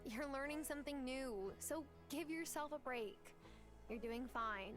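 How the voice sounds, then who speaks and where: An actress playing a helpful young female character who gently encourages others, in voiced game dialogue. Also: sits high, unhurried. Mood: encouraging. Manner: kind, encouraging. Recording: game voice under music.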